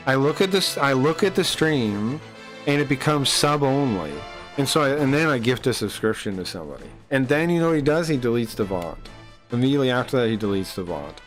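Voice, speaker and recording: A man streaming, telling a long story in a rambling, animated way and swearing freely. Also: mid-range voice.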